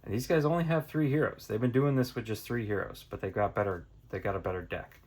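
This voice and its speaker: A man's voice: lowish voice, quick pace, darkish tone, slightly rough. A man casually playing through a tabletop card game, thinking aloud and counting cards as he goes. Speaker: board game reviewer. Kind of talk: casual tabletop playthrough tutorial.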